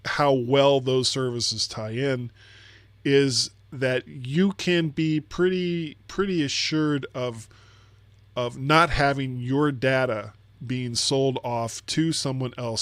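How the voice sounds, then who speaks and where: A man's voice: medium pitch, no echo. A man co-hosting a casual tech podcast, explaining at length and often repeating words as he thinks. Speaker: podcast co-host.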